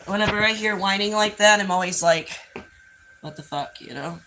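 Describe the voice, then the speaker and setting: A woman hosts a casual outdoor livestream beside a pool, talking loosely and with plenty of profanity as she coaxes her dogs along. Her mid-range voice is bright and forceful at a moderate pace, and the rough recording carries a little hiss or hum.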